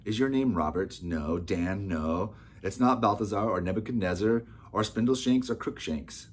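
A man reading an audiobook, voicing a desperate young queen and mother in a high, loud, pleading voice. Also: normal speed, a little hiss or hum, natural voice. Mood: insistent.

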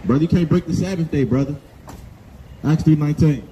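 Outdoors at a gas station, a man with a fairly high, warm voice street-preaches at a fairly quick pace, scolding people and calling for scripture to be read. He's confrontational, using repetitive call-and-response, and the recording is noisy with street sound.

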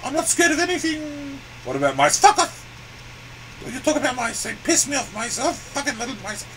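A man's voice: very high voice, brisk, gravelly, fairly bright tone, a little hiss or hum, heavily acted, low-quality recording. A man voicing a crude, boastful, grumpy male elephant puppet that cries "ooh" and rants with profanity. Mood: angry. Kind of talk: puppet comedy sketch.

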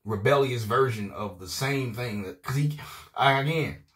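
A man's voice: mid-range voice, moderate pace, fairly bright tone. A man preaching an informal video sermon. He talks in a rowdy, emphatic way, often repeating "man" and "I promise you".

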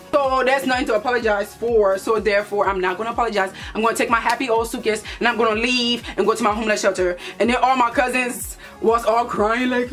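A young woman from Liberia telling a lively storytime vlog, acting out her relatives' voices. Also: a little high, fast talker, hardly any pauses, soft background music. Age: young adult. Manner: animated, playful storytelling with put-on voices for relatives. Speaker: vlogger.

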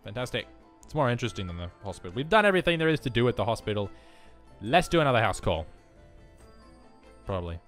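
A man's voice: medium pitch, big pitch swings, fast, fairly bright tone, soft background music. A man giving rambling, self-mocking let's play commentary alone in his room, full of jokey asides. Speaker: gaming commentator.

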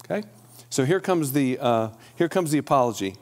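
A man's voice: medium pitch, animated, moderate pace. A man preaching to a church congregation, reading scripture passages aloud and then stopping to explain them in a casual, conversational way. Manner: conversational, with restarts and "okay?" asides to the congregation. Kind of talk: sermon.

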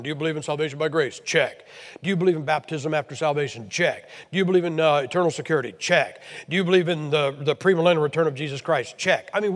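A man's voice: fairly high pitch, big-room sound. An American man from Ohio preaching a blunt, emphatic, scolding sermon to a church meeting. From Ohio, USA.

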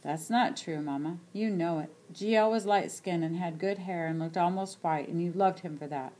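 A woman voicing a grown son, bitter and hurt, speaking in a measured, formal and aggrieved way. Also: lowish voice, mellow, lightly acted.

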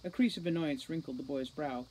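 A woman reading a novel aloud with steady, measured narration. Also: low-pitched, slight background noise, low-quality recording. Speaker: audiobook reader.

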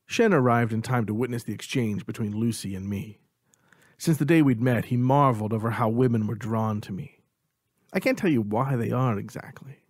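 A man reading a first-person audiobook in a steady, even storytelling delivery. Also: mid-range voice, normal speed, no echo, clean studio sound. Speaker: audiobook narrator.

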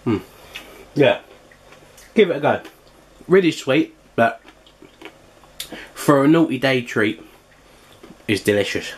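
A man talks through a home cooking vlog in a loose, chatty way. He leans on "um" and small asides and sometimes carries on with food in his mouth. His pitch sits in the middle for a man. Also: expressive, slow pace, pauses often, husky. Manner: chatty, filler-heavy, eating while talking. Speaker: cooking channel host.

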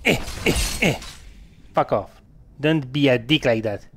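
A man giving casual gameplay commentary, excitable, swearing and laughing often with sudden loud outbursts. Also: mid-range voice, unhurried, dry recording. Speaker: gamer.

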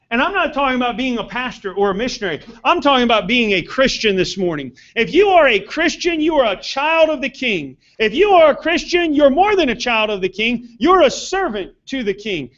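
A man's voice: very high voice, fairly bright tone, highs cut off. A man who is a pastor, preaching a sermon in a church with earnest emphasis that rises on his key points. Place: church sanctuary.

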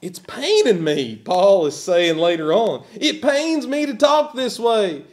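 A man's voice: high-pitched, very animated, slow pace. A man preaching a sermon as pastor, emphatic and at times sarcastic.

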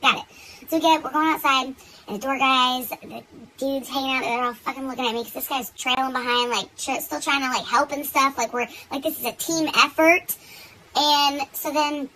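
A young woman telling a story in casual, animated chat, swearing freely and getting worked up. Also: sits high, normal speed, a little hiss or hum, poor audio. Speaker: beauty vlogger.

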